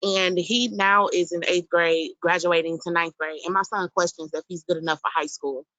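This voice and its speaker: A woman's voice: fairly low pitch, steady tone, pushed and bright, dry recording. Earnest mother testifying over a muffled call. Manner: earnest, emotional, halting with fillers. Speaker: public commenter, concerned parent. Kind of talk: public testimony at a council hearing. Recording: dull, muffled call audio.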